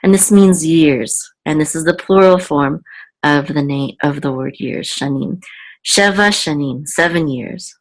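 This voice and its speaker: A woman teaching Hebrew reading word by word in a patient, halting way, thinking aloud with frequent ums and self-corrections. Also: low-pitched, low-quality recording.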